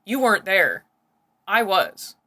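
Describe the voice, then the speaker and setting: A woman's voice: medium pitch, wildly swooping pitch, slow, sharp tone. A woman hosting a casual reaction commentary, swearing freely and breaking into incredulous giggles. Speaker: reaction video host.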